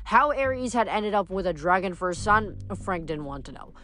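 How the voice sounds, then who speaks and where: A woman's voice: mid-range voice, lively intonation, moderate pace, sharp tone. Young woman reading a novel aloud. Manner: casual recap with fillers. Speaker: book reader.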